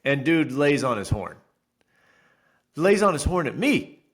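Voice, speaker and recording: Animated man telling a story. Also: a little high, unhurried, slightly rough. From Florida resident. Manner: animated storyteller, acts out quotes loudly. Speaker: podcast co-host. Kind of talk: casual podcast chat.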